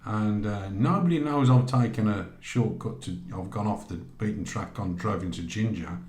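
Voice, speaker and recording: This podcast guest from Great Barr in England spins a casual travel anecdote in a lowish voice at a moderate pace. He's animated and performs each person's lines in quoted voices. Roomy echo fills the recording.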